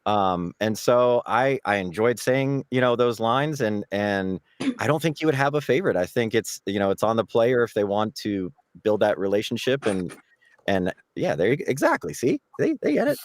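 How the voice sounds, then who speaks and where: A man's voice: lowish voice, very animated, moderate pace. A man voice actor answering panel questions, rambling and restarting often as he searches for words. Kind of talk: convention panel Q&A.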